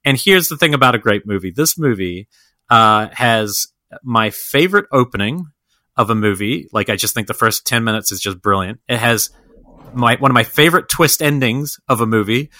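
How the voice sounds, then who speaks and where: A man's voice: medium pitch, expressive, normal speed, bright, forceful tone, no room sound. A man co-hosting a podcast in casual film chat. He talks enthusiastically and rambles with lots of fillers and restarts. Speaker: podcast co-host.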